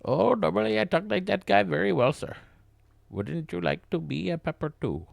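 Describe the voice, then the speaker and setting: A man putting on an impression of a high, nasal, prissy grown man from a kids' show, done as a goofy bit. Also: moderate pace, gravelly, no echo, clean studio sound.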